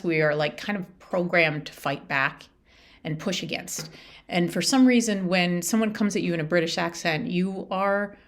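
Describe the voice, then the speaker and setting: A woman with a somewhat low-pitched voice hosts her own podcast and talks through a personal story. She speaks earnestly and casually, circling back and restarting her sentences as she reflects. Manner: earnest, chatty, many restarts and "like". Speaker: podcast host.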